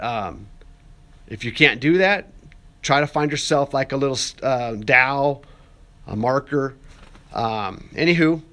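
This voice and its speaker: Speaking in a mid-range voice, this young art student talks casually through a classroom tutorial voice-over. He keeps it loose and conversational, with joking asides and plenty of filler words.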